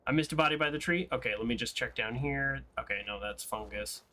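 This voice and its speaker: A man casually commentating on his own gameplay as host, excitable and self-mocking, often breaking into laughter. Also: mid-range voice, brisk. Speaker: let's play host.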